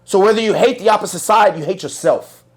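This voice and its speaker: A man's voice: high voice, fast. A man in his thirties hosting a podcast in casual chat, lecturing emphatically in long rants full of profanity. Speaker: podcast host.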